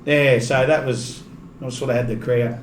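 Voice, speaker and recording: With a steady, medium-pitched voice at normal speed, this Australian rugby league commentator tells casual stories on a podcast. Laughter frequently interrupts his chatty tales, heard in an echoey room with faint noise.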